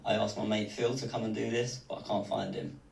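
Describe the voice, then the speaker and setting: Cockney footballer, gravelly and low, a man doing the voice; roomy far-off clip. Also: fairly even intonation, fairly quick, a little mellow. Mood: jokey. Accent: Cockney, put on. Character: male footballer with a put-on Cockney accent. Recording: distant echoey room, faint ambience.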